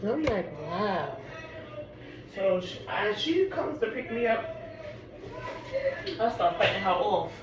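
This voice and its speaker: A woman from Harlem, telling a personal story in a casual, animated way and peppering her talk with "like". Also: medium pitch, takes it slowly, long pauses. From Harlem, New York. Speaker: storyteller vlogger. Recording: echoey room with background noise.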